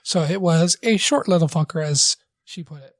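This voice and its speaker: Halting man recapping a movie. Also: a little high. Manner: halting, full of fillers and restarts. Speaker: podcast co-host. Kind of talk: casual movie review chat.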